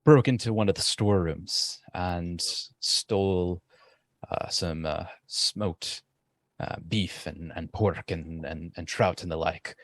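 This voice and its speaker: A man's voice: low-pitched, no room sound. A man voicing a polite, hesitant male soldier who reports a problem to his superiors. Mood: reporting trouble. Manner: deferential, halting with many fillers.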